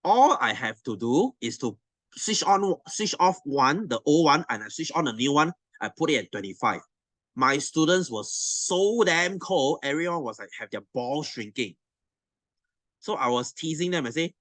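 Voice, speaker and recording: Blunt, animated Malaysian English tutor, man. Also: a little high, normal speed, no room sound. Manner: blunt, animated, swearing, teasing. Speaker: science tutor. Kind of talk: online class rant to students.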